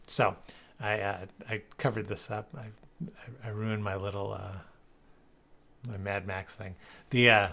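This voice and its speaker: A man presenting a sales leadership webinar in a conversational way, often checking in with a quick "right?" as he makes his points. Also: lowish voice, fairly bright tone.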